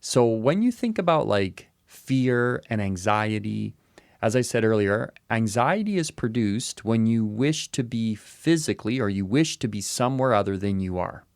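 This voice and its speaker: A low-voiced man with a gravelly edge talks through his ideas in a relaxed podcast chat. He circles back and repeats short phrases as he thinks. The sound is dry and close. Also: moderate pace, no room sound. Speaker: podcast co-host. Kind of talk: casual reflective chat.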